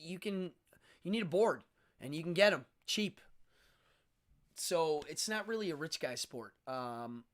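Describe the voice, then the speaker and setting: A man's voice: on the high side, lively intonation, unhurried, pauses often. A middle-aged man hosting a casual talk show, rambling through chatty stories and acting out quotes. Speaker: host. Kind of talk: casual monologue.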